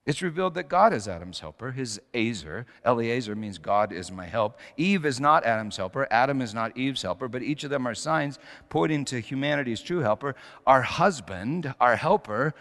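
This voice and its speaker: A middle-aged man preaching a sermon with storytelling, moving between hushed passages and emphatic ones. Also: mid-range voice, expressive, moderate pace, hardly any pauses. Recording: long hall reverb.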